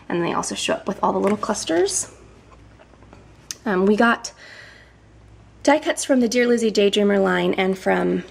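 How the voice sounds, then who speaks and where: Woman in her thirties, a touch breathless, chatty crafting vlogger voice with ums and soft asides, mid pitch. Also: gravelly. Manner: chatty, with frequent ums and some whispered asides. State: slightly out of breath. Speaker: scrapbooking vlogger. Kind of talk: casual show-and-tell narration.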